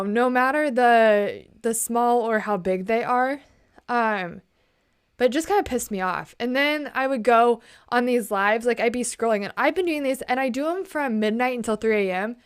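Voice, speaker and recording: A young woman talks through a late-night vlog in a chatty, indignant, slang-filled way. Her voice sits a little high and sounds smooth and clear. She keeps her volume down as she talks. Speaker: vlogger. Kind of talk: casual late-night chat.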